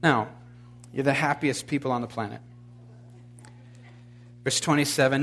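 A man's voice: medium pitch, fairly even intonation, unhurried, long pauses, a bit bright, husky. A man preaching a sermon with emphatic delivery. He questions his congregation, adds wry, blunt humor, and builds to fervent exclamations. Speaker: pastor.

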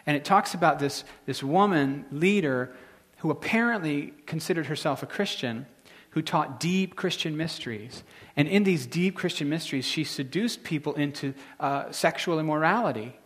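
A married adult pastor preaches in a casual, conversational style, his voice on the high side and fairly bright. He halts often, restarting sentences and using filler words.

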